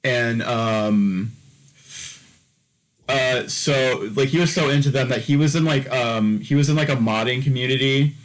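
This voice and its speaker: Male podcast co-host, rambling storyteller, heavy fillers, mid pitch. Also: measured pace, low-quality recording. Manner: rambling, many fillers and restarts. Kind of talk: casual chat.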